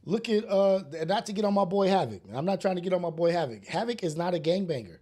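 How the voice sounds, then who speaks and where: His voice sits high, mellow and expressive, and he talks at a quick pace. This solo podcast host, raised in a rough urban neighborhood, rants bluntly and preachily in a casual monologue peppered with slang and swearing.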